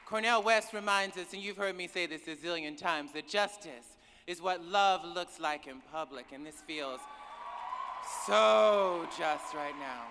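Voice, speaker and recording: A woman's voice: lowish voice, normal speed, hardly any pauses, noisy background. A woman giving an emotional keynote speech to a cheering audience, effusive and repeating words when she is moved. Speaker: keynote speaker. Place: large conference hall with live audience. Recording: echoey hall from far off, loud crowd.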